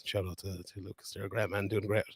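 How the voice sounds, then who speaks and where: A man's voice: sits low, level tone, fast talker, slightly rough, no echo. A young man with a Limerick Irish accent, rambling and laughing as he hosts a casual live stream from a fight weigh-in. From Ireland. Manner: rambling, chatty, laughs often. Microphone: phone camera.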